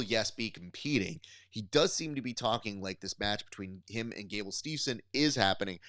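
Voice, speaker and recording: Animated podcast host, dry close mic. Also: male voice, dry recording. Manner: animated, riffing, pitching ideas with mock appeals. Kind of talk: casual podcast chat.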